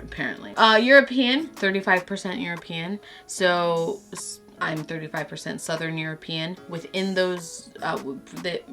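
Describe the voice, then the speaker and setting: A woman from Brazil chatting excitedly to camera as a vlogger and stumbling over words. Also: fairly low pitch. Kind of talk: casual chat to camera.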